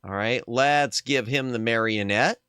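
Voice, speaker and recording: A man's voice: mid-range voice, a little slow, smooth, no room sound, clean studio sound. A man streaming a retro game, chatting casually with his chat, with a sore throat. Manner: chatty, animated. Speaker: VTuber streamer. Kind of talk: casual game stream, reading dialogue aloud.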